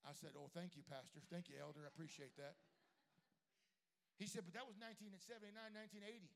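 High gravelly pastor, preaching, goes from storytelling to shouting. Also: male voice, steady tone, fast. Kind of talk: sermon.

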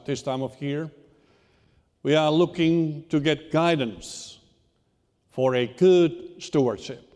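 Pastor preaching in a reverberant church. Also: male voice, on the high side, a little mellow. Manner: unhurried, halting delivery with repeated restarts. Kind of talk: sermon. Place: church sanctuary.

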